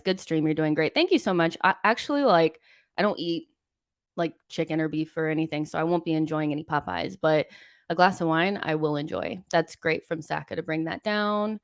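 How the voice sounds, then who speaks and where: A woman's voice: sits low, clean tone, dry recording, clean studio sound. A young woman hosting a live football watchalong, venting in exasperation and reading out viewer messages. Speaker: host of a football watchalong stream. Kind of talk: live watchalong commentary and chat.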